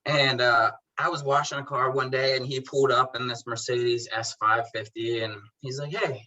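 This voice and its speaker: A detailing business owner chats casually as a podcast guest, animatedly telling stories by acting out both sides of old conversations in laid-back slang, calling people bro and dude. His voice is medium-pitched at a moderate pace, in a rough recording.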